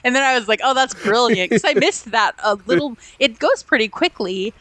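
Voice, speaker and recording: A woman co-hosting a podcast enthusiastically retells film scenes in casual film discussion, acting out quotes and laughing often. Her voice is a little high, animated, a little fast and fairly bright, with no room sound.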